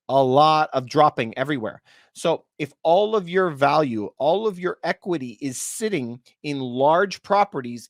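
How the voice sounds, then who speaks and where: A man in his thirties speaks straight to his viewers with fairly high pitch for a man. He presses his points hard and repeats himself for emphasis. The sound is dry and close, with no room echo. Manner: emphatic and repetitive, often calls things unbelievable. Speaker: real estate video host. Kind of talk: casual commentary to viewers.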